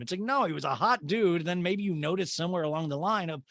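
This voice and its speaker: Man riffing sarcastically on a reality show, lively swooping voice, gravelly edge. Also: sits high, fast talker, few pauses, no echo. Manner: sarcastic, rambling riffing with impressions. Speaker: podcast host. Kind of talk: comedic TV recap.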